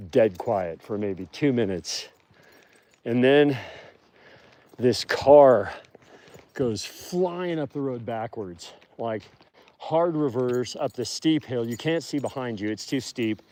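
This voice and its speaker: A man's voice: mid-range voice, slow pace, pauses often, dark tone. Rambling man livestreaming outdoors at night. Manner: rambling storytelling with many fillers. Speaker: live-streaming wolf keeper. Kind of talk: casual live stream chat. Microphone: phone held while walking.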